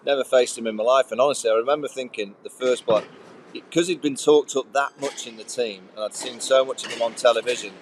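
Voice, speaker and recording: A man's voice: mid-range voice, fairly quick, slight background noise, low-quality recording. A middle-aged man, a former cricketer, telling casual anecdotes on a podcast with easy laughter. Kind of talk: casual podcast chat, storytelling.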